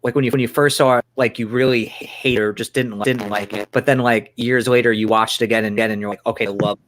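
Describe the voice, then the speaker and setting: A man reviewing movies on a livestream, excitable and full of restarts. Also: mid-range voice, fast, slight background noise. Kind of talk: casual livestream chat.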